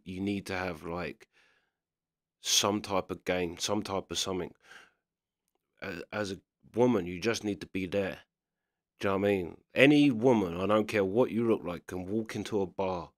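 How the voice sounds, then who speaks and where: Bloke, lowish voice, chatty rant, keeps going "know what i mean", dry close sound. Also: male voice, fairly bright tone, no echo. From England. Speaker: reaction commentator. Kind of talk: casual opinion commentary.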